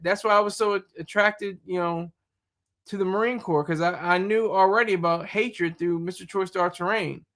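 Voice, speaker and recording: A man chatting loosely on a livestream, stumbling and repeating himself as he answers viewers. His voice is high for a man and bright. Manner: rambling, repeats words, reads chat comments. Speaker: YouTube streamer. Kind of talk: casual live-stream chat.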